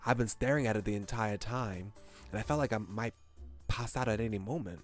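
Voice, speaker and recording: A man reading game text aloud as a young male high-school student telling his own story, with lively exclamations. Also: brisk, faint music behind, natural voice.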